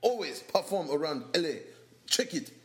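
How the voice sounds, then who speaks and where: Guy doing a put-on voice, cheery announcer, reads dates slow and stiff, highish pitch. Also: very animated. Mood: cheerful. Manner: slow, formal listing of dates and places.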